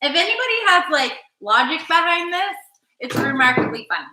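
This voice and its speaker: A woman's voice: high voice, very animated, a little fast, sharp tone. A woman hosting a casual cooking livestream from her home kitchen, joking and teasing as she chats. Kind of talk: casual chat while cooking. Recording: echoey kitchen, faint noise.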